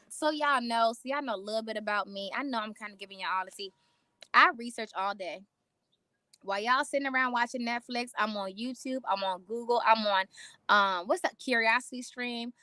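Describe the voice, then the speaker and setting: A woman talking straight to her viewers, animated and preachy, repeating lines for emphasis and calling them y'all and honey. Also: a little high, no room sound, clean studio sound. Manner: casual slang, calls listeners y'all and honey. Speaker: host. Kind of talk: casual motivational talk to viewers.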